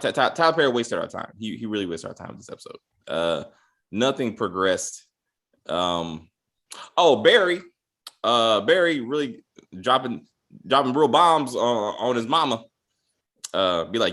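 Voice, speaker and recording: A man's voice: medium pitch, big pitch swings, moderate pace, a bit bright. A young man co-hosting a casual recap chat, ranting with profanity and acting out mock quotes. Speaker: podcast co-host.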